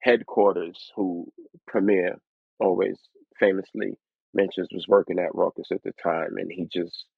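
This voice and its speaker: A man being interviewed as a guest rapper, telling stories in a lively way and acting out other people's voices as he goes. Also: low voice, a little slow, gravelly, husky, no echo. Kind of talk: storytelling interview. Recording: dry, tinny phone-like line.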